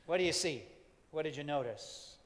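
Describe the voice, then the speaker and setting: A pastor, a man, leading a gentle, reflective sermon with playful asides. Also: fairly high pitch, lively intonation, normal speed. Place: church sanctuary. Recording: long hall reverb.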